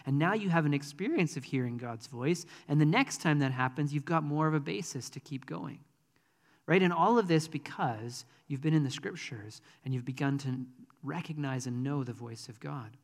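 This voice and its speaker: A man's voice: a little high, moderate pace, long reverb tail. A man preaching a sermon in a conversational, earnest way, with frequent ums. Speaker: pastor.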